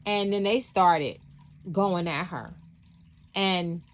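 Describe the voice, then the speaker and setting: A woman's voice: on the low side, slow pace. A woman hosting a spiritual vlog, telling a story from work in a rambling, casual way with lots of fillers and restarts. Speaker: spiritual channel host.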